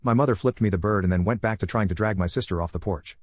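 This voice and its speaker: A man narrating a personal story in a brisk, matter-of-fact way. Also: fairly low pitch, no echo, studio quality.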